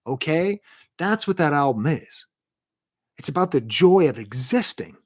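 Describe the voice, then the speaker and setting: A man's voice: on the high side, very animated, a little slow. A man hosting a music review livestream from home, ranking albums with enthusiastic, rambling talk and reading out the live chat. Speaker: music review show host.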